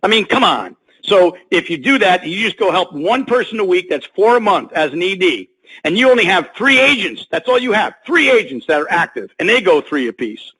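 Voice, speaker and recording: A middle-aged man presenting a business opportunity on a conference call, pitching emphatically and folksily with lots of rhetorical questions. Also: big pitch swings, brisk, sharp tone, slightly rough, poor audio. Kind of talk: motivational sales pitch over a slide presentation.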